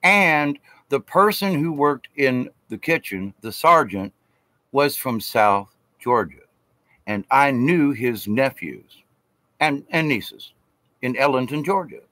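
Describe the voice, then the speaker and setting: A man's voice: mid-range voice, expressive, takes it slowly, bright, forceful tone, no room sound. A man telling a story in a casual vlog. He rambles from point to point and hits his words with emphasis. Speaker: vlogger.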